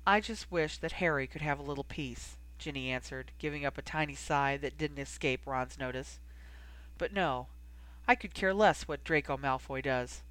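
A woman reading a fan fiction story aloud, giving the characters lively dialogue. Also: low voice, moderate pace. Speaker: audiobook reader. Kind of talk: fan fiction audiobook narration.

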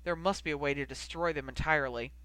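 Tired gruff guy, narrator putting him on, low and rough. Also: fast talker, a bit bright, no echo, close to an everyday voice. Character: gruff, weary older man.

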